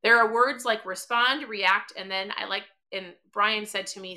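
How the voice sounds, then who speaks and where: A middle-aged woman hosting a podcast, giving an energetic motivational talk and acting out bits of dialogue. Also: medium pitch, unhurried. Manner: energetic, emphatic, acts out quoted dialogue. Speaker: podcast host.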